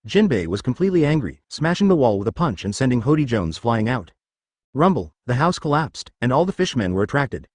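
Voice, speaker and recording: A male narrator reads a serialized web novel aloud. His pitch moves about with plenty of life, and the sound is dry and close, with no room around it. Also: big pitch swings, fairly quick, darkish tone, no echo.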